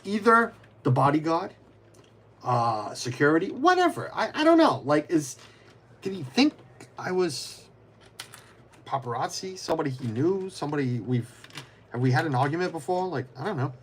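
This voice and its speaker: Slight background noise accompanies a man on a casual live stream whose fairly high voice is animated and moves at normal speed. Building as he talks, he rambles with many restarts, answers viewers by name, and mutters while fiddling with pieces.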